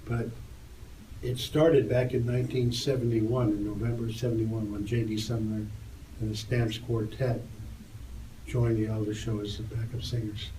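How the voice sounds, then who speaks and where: A man's voice: on the low side, normal speed, a little hiss or hum. An older man, a guest in an interview, telling stories and lifting his voice as he acts out the dialogue. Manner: lively storyteller, raises his voice for quoted dialogue. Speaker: interview guest, tour photographer. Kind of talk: animated anecdote storytelling. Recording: roomy, distant mic, faint ambience.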